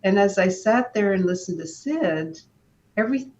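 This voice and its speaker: A woman, a guest in an interview, telling a personal story in a calm, unhurried way, often stopping to restart her sentences. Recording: dull lo-fi sound with faint rumble.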